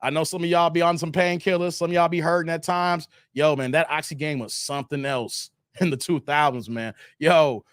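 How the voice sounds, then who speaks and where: A man's voice: on the high side, moderate pace, few pauses, clear, resonant tone, dry recording. Male live-stream host, joking and laughing through viewer comments, dry close sound. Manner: animated and joking, laughing often while reading viewer comments. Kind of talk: casual live-stream chat and ranting.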